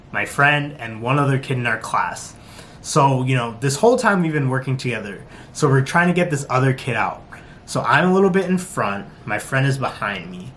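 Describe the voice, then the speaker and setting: Male vlogger, mid-range voice, casual and laughing, quick to do impressions; faint background noise. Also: mid-range voice. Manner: animated, laughs often, drops into quick impressions; talks with his hands. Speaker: show reviewer. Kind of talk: casual review vlog.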